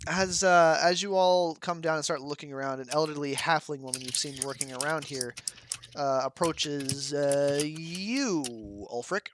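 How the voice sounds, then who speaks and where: A young man narrating as game master of a tabletop role-playing game, relaxed and rambling. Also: on the high side, a little slow, slight background noise.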